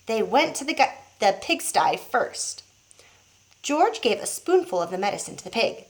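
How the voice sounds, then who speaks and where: Expressive woman reading aloud to kids. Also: a little high, moderate pace. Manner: expressive, showing pictures as she reads. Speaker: teacher. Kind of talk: reading a picture book aloud to children.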